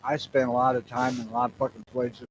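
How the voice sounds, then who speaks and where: A man's voice: medium pitch, level tone, fast talker, slight background noise, rough recording. A man from the northern US telling stories bluntly as a podcast co-host, swearing freely. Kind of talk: casual crude podcast banter.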